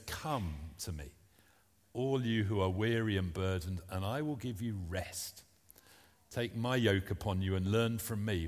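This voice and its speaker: Preacher with a low voice, echoing church. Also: male voice. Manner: earnest, plain-spoken, reads scripture aloud. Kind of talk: sermon. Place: church service.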